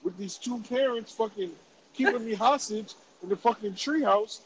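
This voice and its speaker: A man around forty, telling a story in animated, profane, laughing casual podcast chat. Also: high-pitched, moderate pace, noisy background. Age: about 40. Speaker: podcast host.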